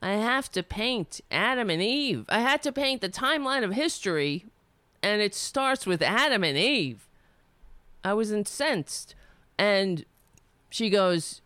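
Unhurried indignant woman storyteller, dry close sound. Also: medium pitch, very animated, fairly bright tone, dry recording. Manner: rambling, indignant, profane, trailing off. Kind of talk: personal storytelling monologue.

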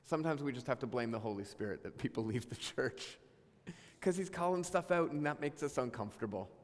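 A man preaching a sermon as pastor, animated and acting out the voices of God and his listeners. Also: mid-range voice, brisk. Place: church sanctuary. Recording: long reverb of a hall.

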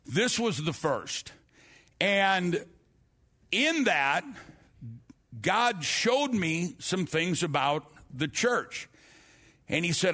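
Man preacher, somewhat high voice, earnest testimony delivery that trips over and repeats words. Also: expressive, slow pace, bright, forceful tone. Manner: earnest storytelling, frequent restarts and repeated words. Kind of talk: sermon with personal testimony.

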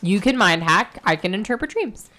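A young woman in casual chat as a podcast co-host, teasing and cutting in with quick remarks. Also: medium pitch, lively intonation, bright, forceful tone.

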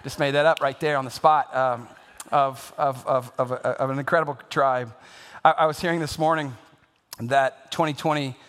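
Joking middle-aged pastor in echoey hall. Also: male voice, medium pitch, fairly even intonation, fairly bright tone. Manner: self-deprecating, joking, halting with fillers. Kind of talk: sermon.

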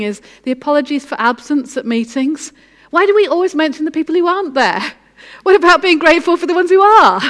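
Woman preacher, earnest and encouraging, slightly high voice, echoey hall. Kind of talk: sermon with a story read aloud.

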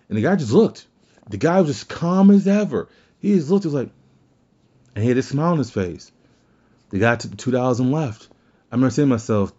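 On his own show, a podcast host talks in a warm, animated, mid-range voice at a fairly quick clip with long pauses, rambling through his thoughts and often restarting sentences. It's casual solo commentary, and the recording sounds muffled.

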